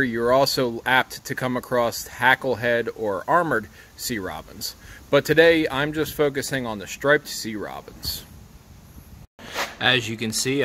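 Man, fishing captain, casual how-to cooking vlog, plain-spoken, relaxed, home kitchen. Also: medium pitch. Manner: plain-spoken, relaxed, talks while working.

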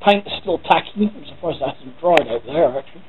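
A man's voice: fairly high pitch, expressive, fairly quick. Tinny-sounding English man rambling aloud. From England. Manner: rambling, thinking aloud, swears casually. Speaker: vlogger. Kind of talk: casual talking to camera. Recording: tinny phone-like sound with faint noise.

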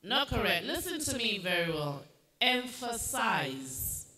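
A woman serving as a spelling bee pronouncer, reading each word slowly and firmly telling children when they are not correct. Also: medium pitch, very animated, a bit bright. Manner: slow, deliberate pronunciation, firm instructions. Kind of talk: reading words and judging spellings. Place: school competition hall. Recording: echoey hall, faint noise.

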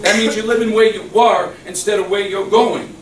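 A middle-aged male pastor preaching a sermon, swinging from loud exclamations to soft, low murmurs, recorded in a church. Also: steady tone, moderate pace. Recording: echoey church hall, mic at a distance, faint hum.

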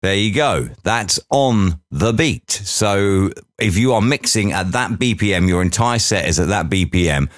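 Low-voiced man walking through an edit. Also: animated, unhurried, hardly any pauses, no room sound, studio quality, soft background music. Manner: chatty, narrates each step aloud with asides. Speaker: audio producer teaching editing. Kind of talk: software tutorial walkthrough.

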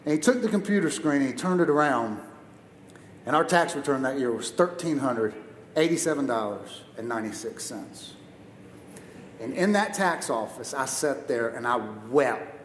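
A man's voice: medium pitch, a bit bright, slight background noise. A man preaching as a guest speaker in a church auditorium, telling a personal story with humor and energy. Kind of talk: sermon. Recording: echoey church hall.

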